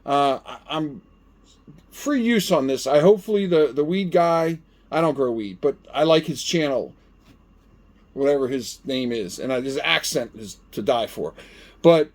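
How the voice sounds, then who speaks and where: A middle-aged man talks his way through a hands-on product test, loose and chatty. His voice sits a little higher than most men's, and he keeps up an animated running commentary. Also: a little slow. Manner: chatty and animated, talks to himself while testing. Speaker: gardening channel host. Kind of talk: casual product-testing vlog.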